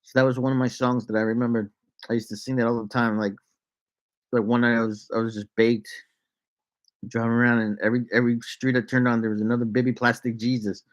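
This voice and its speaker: A man's voice: medium pitch, little pitch movement, quick pace. A man vlogging a casual story to camera, laid-back and rambling, laughing often and slipping into made-up sing-song bits.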